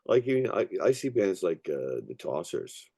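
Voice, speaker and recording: A man's voice: sits low, sing-song, normal speed, warm tone, slightly rough, no room sound. A man born in Ireland and raised in Canada, talking casually as an interview guest, rambling and profane with many restarts. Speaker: musician guest.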